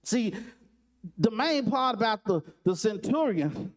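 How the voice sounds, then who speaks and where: A man's voice: sits high, sing-song, slow. A man preaching a sermon in a conversational storytelling style, repeating phrases and addressing listeners directly.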